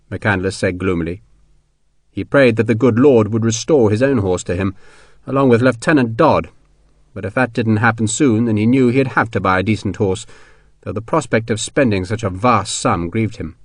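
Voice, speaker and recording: A man's voice: lowish voice, animated, normal speed, no room sound. Man narrating an audiobook, dry studio. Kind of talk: scripted narration.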